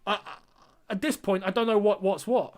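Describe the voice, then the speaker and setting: A man's voice: high-pitched, normal speed. Exasperated young man reacting to football. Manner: exasperated, incredulous, talks to viewers as lads. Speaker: football watchalong host. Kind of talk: live match reaction and commentary.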